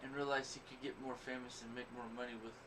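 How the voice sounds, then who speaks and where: A podcast host tells blunt, profane, boastful stories in a crude, casual chat. He has a medium-pitched voice, speaks quickly with a flat delivery, and the mic is distant with a noisy background.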